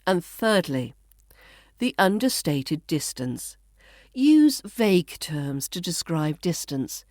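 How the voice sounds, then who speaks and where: A woman with a southern English RP accent, hosting an accent lesson in a crisp, measured, instructive way. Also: lowish voice, sing-song, darkish tone, no echo, studio quality. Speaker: accent coach and podcast host.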